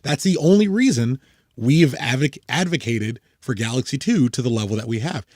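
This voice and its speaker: A man with a mid-pitched voice co-hosts a casual podcast. He swears freely, tells animated stories and makes emphatic points about his soccer team. The recording is dry and close. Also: a little fast, no room sound. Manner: profane, animated storytelling, emphatic. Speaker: podcast co-host. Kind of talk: casual chat and soccer commentary.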